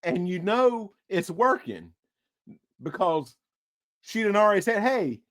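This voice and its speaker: A man co-hosts a casual movie-discussion podcast, his high voice swinging widely as he speaks at an unhurried pace. An animated storyteller, he tells stories with plenty of energy and acts out the voices of the other people in them.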